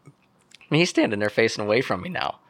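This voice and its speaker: Gravelly-voiced young man telling a story. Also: on the low side, fast, dry recording. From Pennsylvania. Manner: animated storyteller, acts out quotes. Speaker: podcast guest. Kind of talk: casual storytelling.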